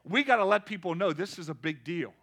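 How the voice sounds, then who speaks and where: High, bright-voiced preaching man. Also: animated, brisk. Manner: call-and-response preaching, building to shouts. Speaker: pastor. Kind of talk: sermon.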